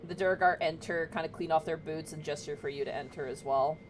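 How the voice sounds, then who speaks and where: A woman's voice: low voice, steady tone, a little fast, slight background noise, low-quality recording. A woman narrating a tabletop game as game master, describing scenes casually with fillers.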